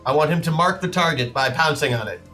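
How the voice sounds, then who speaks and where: Bright-voiced male player. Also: a little high, fast, faint music behind. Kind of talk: casual tabletop play.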